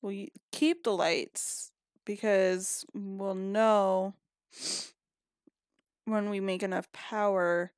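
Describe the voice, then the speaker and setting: A woman's voice: mid-range voice, steady tone, drawn-out words, long pauses, smooth, dry recording, clean studio sound. A woman giving casual gameplay commentary, chatty and scolding her characters, a little sniffly and yawning. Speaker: gaming video creator.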